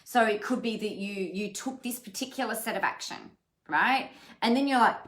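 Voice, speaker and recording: A woman's voice: a little high, normal speed, a bit bright. Chatty woman coaching live. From Australia. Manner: chatty and encouraging, greets viewers by name, frequent fillers. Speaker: business coach. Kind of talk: live-streamed coaching talk.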